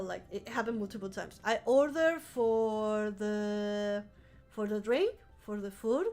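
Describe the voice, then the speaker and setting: A woman's voice: mid-range voice, slow pace, a little mellow, faint music behind. A woman streamer telling a rambling story in casual live-stream chat, swearing freely and laughing often. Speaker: vtuber streamer.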